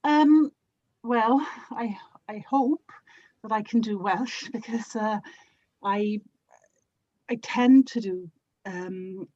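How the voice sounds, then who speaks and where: A woman's voice: fairly high pitch, slow pace, long pauses, dark tone, no echo, lo-fi sound. A woman who acts in and produces audio drama, chatting as an interview guest, self-deprecating and often laughing as she talks. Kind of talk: casual interview chat.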